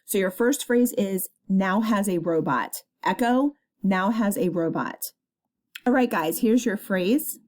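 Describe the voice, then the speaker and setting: A woman teacher giving a spelling test, dictating each word slowly and clearly with patient explanations. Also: mid-range voice, expressive, darkish tone.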